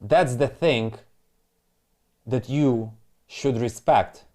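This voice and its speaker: An irritated man going over trading charts on a live stream, cursing hard and repeating himself. His English is broken and non-native. His voice sits at an average pitch for a man. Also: extremely slow, warm tone. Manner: angry, profane, repetitive ranting.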